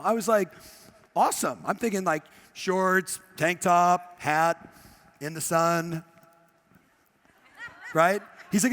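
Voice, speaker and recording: A man's voice: high-pitched, normal speed. A middle-aged man coaching a live audience on stage, telling stories animatedly and acting out quoted voices. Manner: animated storyteller, acts out quotes. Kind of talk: motivational seminar talk. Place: event room with live audience.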